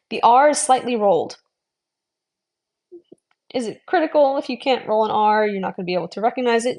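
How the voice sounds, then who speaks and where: A woman giving an online language lesson, modelling sounds slowly, repeating them and adding friendly, encouraging asides. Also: mid-range voice, a little mellow. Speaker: language teacher.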